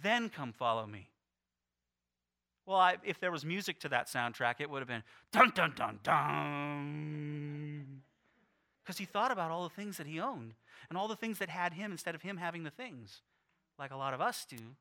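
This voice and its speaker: A middle-aged man preaching a sermon, animated and playful, acting out the quotes he reads. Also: fairly high pitch, fast. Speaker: pastor.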